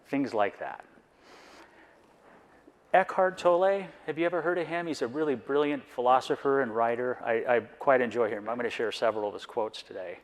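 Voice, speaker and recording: A man's voice: medium pitch, moderate pace. A man on a conference board giving a reflective, personal talk, earnest and full of rhetorical questions.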